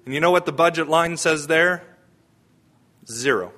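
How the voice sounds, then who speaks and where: Bright-voiced man preaching a homily. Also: fairly high pitch, moderate pace. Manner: conversational preaching, asks the congregation questions. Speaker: priest.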